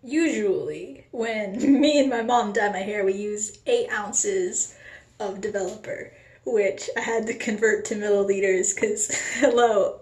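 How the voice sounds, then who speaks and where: Late-teen woman, casual vlogger, giggly and self-mocking, unhurried delivery; echoey home room with faint background noise. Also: mid-range voice. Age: late teens. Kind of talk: casual vlog chat.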